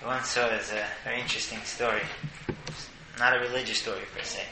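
A man giving a casual Torah talk, animated and stumbling over repeated words, recorded in an echoey room with clear noise. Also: medium pitch, fast. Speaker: Torah teacher.

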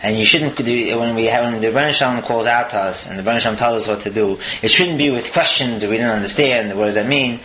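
A man's voice: mid-range voice, fast talker, hardly any pauses, a crowd in the background, low-quality recording. A man giving a Torah lesson, explaining in an earnest way and asking rhetorical questions. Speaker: Torah teacher.

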